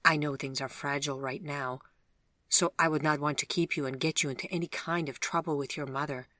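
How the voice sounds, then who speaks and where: A lonely, regretful man speaks gently and earnestly, as the audiobook narrator voices him. The tone is bright and forward. The recording is dry and close. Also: on the high side, fairly even intonation, a little fast, no room sound. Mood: gentle, earnest. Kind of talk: audiobook dialogue.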